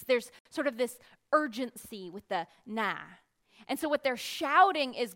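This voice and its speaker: A woman reading scripture aloud and explaining it, acting out the crowd's shouts with animated emphasis. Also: high voice, measured pace. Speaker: children's Bible teacher. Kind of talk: Bible reading and lesson.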